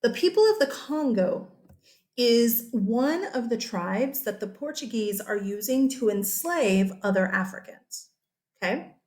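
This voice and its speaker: A chatty woman teacher walks her class through a history lesson over slides. Her voice sits on the higher side, and she keeps checking in with her listeners as she goes. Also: unhurried. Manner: chatty, animated, often checks in with "okay?".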